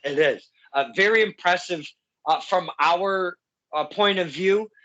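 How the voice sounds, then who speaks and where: A man hosting a casual interview, excitable and quick to laugh. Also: high voice, highs cut off. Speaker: interview host.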